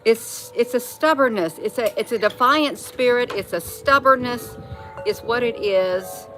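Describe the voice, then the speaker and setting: A woman's voice: on the high side, a little slow, music in the background. A woman talking casually at home in an opinion vlog, emphatic and repeating phrases to drive her point home. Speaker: vlogger. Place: at home, indoors.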